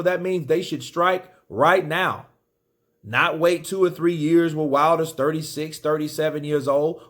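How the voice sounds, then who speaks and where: A man giving casual boxing commentary on a vlog, emphatic and profane. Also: a little high.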